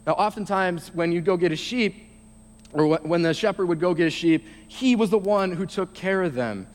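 A young man giving a short sermon, reading scripture slowly and then explaining it in a halting, casual way. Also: high voice. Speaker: youth speaker. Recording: long reverb of a large hall.

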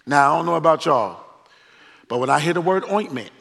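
A male pastor preaching a storytelling sermon, joking in slangy, animated retelling. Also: on the high side, a little fast, vocal fry. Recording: long reverb of a large hall.

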